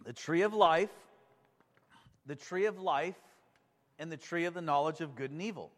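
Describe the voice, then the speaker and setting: Male pastor, sermon, high voice, eager and chatty with the congregation, long hall reverb. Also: normal speed, pauses often. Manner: enthusiastic, conversational, asks the congregation questions.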